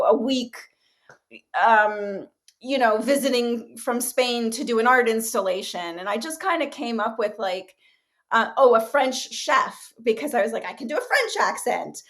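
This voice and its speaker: A woman actress and writer talking in a casual interview, animated and chatty with lots of fillers and quick asides. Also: on the high side.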